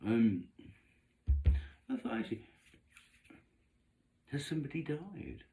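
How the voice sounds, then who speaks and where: A man's voice: medium pitch, sing-song, slow, gravelly, dark tone, a little hiss or hum. A man giving a chatty, gossipy vlog monologue while drawing tarot cards, with camp theatrical asides. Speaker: vlogger doing tarot readings. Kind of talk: casual rambling monologue.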